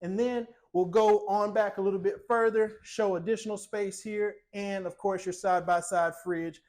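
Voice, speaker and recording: Inside a tiny house, a host leads a walkthrough tour with playful, casual sales talk. His voice sits high with a darkish tone, fairly even intonation, and a moderate pace.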